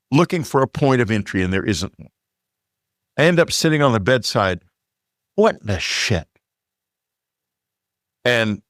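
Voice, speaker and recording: Texan man calmly recounting a night's events. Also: medium pitch, no room sound, clean studio sound. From Texas. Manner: unhurried, plain storytelling with fillers and asides. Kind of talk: personal story told in conversation.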